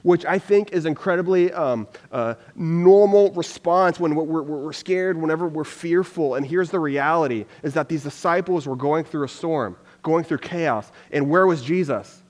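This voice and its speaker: A pastor preaching in a relaxed, talkative way, his voice sitting a bit high for a man. He fills his sentences with "like" and acts out how people react. The sound rings on with the long tail of a hall. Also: moderate pace, few pauses. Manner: chatty, lots of "like", acts out reactions. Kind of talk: casual sermon.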